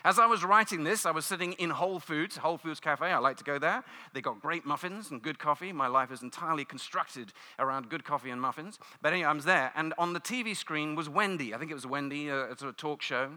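A British man preaching a sermon, telling stories with lively asides and playful mimicry. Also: fairly high pitch, fast, few pauses, long reverb tail. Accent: British English. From United Kingdom. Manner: animated storytelling, mimics cheering crowds.

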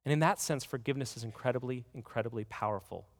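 A man preaching a sermon as pastor, earnest, telling a story and slowing down to stress key words. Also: mid-range voice. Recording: reverberant hall.

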